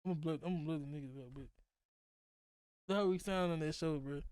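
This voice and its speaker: A young man from Mississippi with a country accent, rattling off his thoughts quickly in a casual podcast chat. His voice sits fairly high and sounds clean and resonant. The recording is dry and close, with no room sound. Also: a little mellow, smooth, no echo. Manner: fast-talking, laughs often, profane. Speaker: podcast host.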